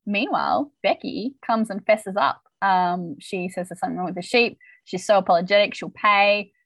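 A woman's voice: mid-range voice, normal speed, fairly bright tone, no room sound. Aussie woman chatting thru a tv recap, lots of likes and ums, dry close sound. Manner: chatty, frequent "like" and "um" fillers. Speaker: podcast co-host. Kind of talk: casual TV episode recap.

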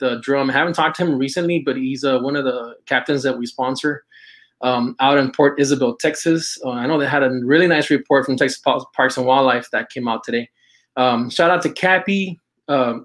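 A man hosting a casual live stream of shout-outs, talking in halting bursts with many restarts and now and then dropping Spanish phrases into his English. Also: medium pitch. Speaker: host of a live stream for an apparel and fishing brand.

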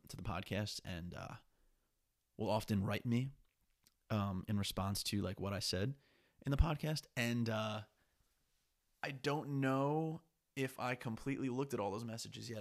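A young man talks through his day in a loose, profane solo podcast monologue. His voice sits low and has a gravelly fry to it. He sounds restless and slightly sniffly, and the sound is close and dry with no room echo. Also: normal speed. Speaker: podcast host.

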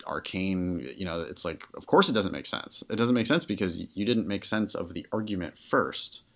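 A man with a low, deep voice talks in casual podcast conversation. He is a test-prep tutor speaking candidly, animated, with lots of everyday filler. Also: normal speed.

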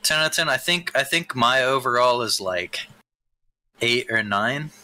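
A man's voice: mid-range voice, animated, a little slow, pushed and bright, rough recording. A young man co-hosting an anime chat, easygoing and hesitant, asking questions between ums. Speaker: podcast co-host. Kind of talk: casual chat.

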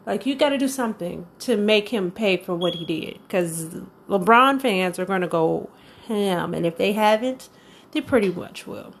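A woman's voice: medium pitch, lively intonation, normal speed, gravelly, a little hiss or hum. A woman hosting her own weekly show, ranting and chatting in a casual, opinionated, rambling way. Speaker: podcast host. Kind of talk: casual commentary rant.

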